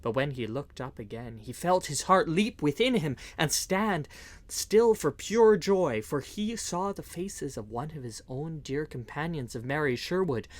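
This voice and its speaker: A man's voice: fairly high pitch, animated, measured pace. Man reading a classic storybook aloud. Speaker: audiobook reader. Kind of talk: storybook narration.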